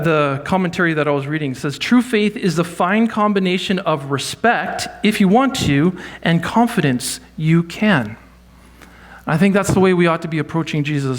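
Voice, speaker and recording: Man preaching a lively sermon. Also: a little high, moderate pace. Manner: conversational, animated teaching with acted quotes. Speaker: pastor. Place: church sanctuary.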